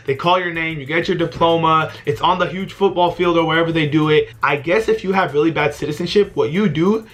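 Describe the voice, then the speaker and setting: A young man tells a casual storytime vlog with an animated, swearing, exasperated delivery. His voice is bright and forceful and sits a bit high. He climbs higher when he gets worked up. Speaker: vlogger.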